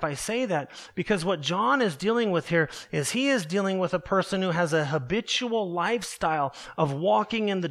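A man preaching a sermon earnestly, slowing down and dropping his voice low to stress key words. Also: fairly bright tone. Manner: earnest preaching, slows and drops low for emphasis. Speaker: pastor.

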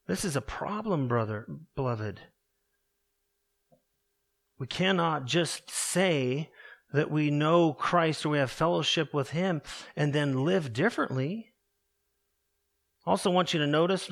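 A man preaching a sermon earnestly, slowing down and dropping his voice low to stress key words. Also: gravelly. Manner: earnest preaching, slows and drops low for emphasis. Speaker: pastor.

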